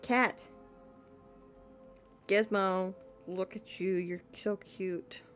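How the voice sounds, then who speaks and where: A woman's voice: mid-range voice, fairly even intonation, extremely slow, a bit bright, soft background music. A woman streamer chatting playfully while she plays a game and talks to her cat. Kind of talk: casual gameplay commentary.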